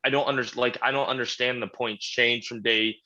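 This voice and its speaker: A man's voice: mid-range voice, steady tone, a little fast, pushed and bright, highs cut off. A man talking as a podcast guest in casual chat, blunt and laid-back, swearing freely as he tells his story. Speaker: podcast guest, strongman champion.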